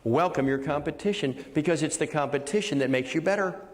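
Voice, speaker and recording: An older man giving a keynote as a motivational speaker, an energetic storyteller who hammers points home with punchy repetition. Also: on the high side, fairly quick, in a large hall. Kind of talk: keynote speech.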